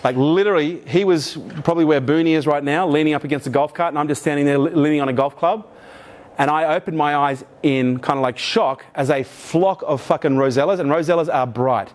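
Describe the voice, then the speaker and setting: A man's voice: fairly high pitch, fairly quick. A middle-aged Australian man giving a keynote talk to an audience, telling a story with energy and frequent swearing. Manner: energetic, swears freely, animated retelling. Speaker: keynote speaker. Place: in front of a live audience.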